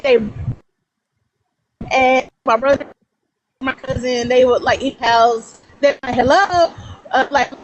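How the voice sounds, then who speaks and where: A lively woman in her thirties with a fairly high voice, telling stories in a loose, rambling way and breaking into laughter. Her delivery is casual and animated, with a faint hiss behind her. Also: slow, long pauses, muffled recording. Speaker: guest. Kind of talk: casual storytelling on a livestream.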